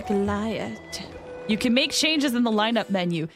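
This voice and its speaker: A woman's voice: on the high side, lively intonation, measured pace. Chatty woman streamer gushing over a game. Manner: chatty, gushing, with frequent laughs. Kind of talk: casual live-stream commentary. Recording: game music under the voice.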